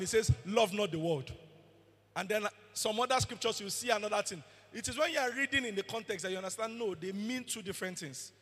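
A man's voice: high voice, fairly bright tone, husky. A man preaching a sermon as pastor, emphatic and asking the congregation questions. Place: church hall. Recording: long hall reverb.

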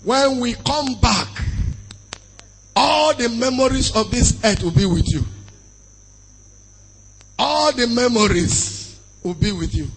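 High-voiced fervent preacher man. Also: slow pace, creaky, long pauses, husky. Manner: fervent, swings between shouting and softly singing scripture. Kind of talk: sermon with questions and answers.

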